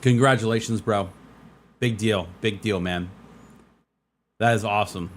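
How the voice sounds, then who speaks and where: A man streaming a game live, chatting to his viewers in an excitable, casual way and hyping things up with constant "dude" and "man.". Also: medium pitch. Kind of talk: live gameplay stream commentary.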